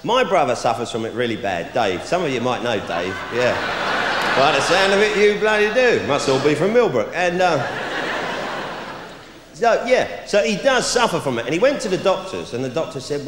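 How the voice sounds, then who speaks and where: A man's voice: a little high, big pitch swings, normal speed, a bit bright, slight background noise. A man doing a bawdy live stand-up routine, bantering cheekily with the audience from a club stage. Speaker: stand-up comedian. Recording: echoey club recording with crowd. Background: audience laughter.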